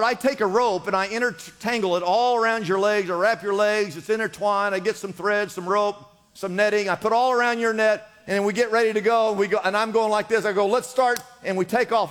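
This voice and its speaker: A man's voice: sits high, a little fast, hardly any pauses, fairly bright tone, big-room sound. A man preaching a sermon as pastor, urging his congregation on with emphatic, repeated exhortations. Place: church in Los Angeles.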